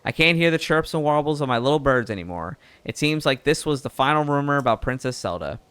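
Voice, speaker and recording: A man's voice: on the high side, animated, quick pace, fairly bright tone, clean tone, dry recording, pitched above the performer's own voice. A man reading a chatty male bird reporter in a game, putting on a Southern American accent.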